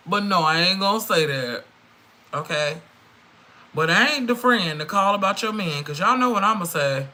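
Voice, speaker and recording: A middle-aged woman giving a frank, swearing, animated live-stream tarot reading, calling her viewers girl and friend. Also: deep voice, unhurried, poor audio. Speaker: tarot reader.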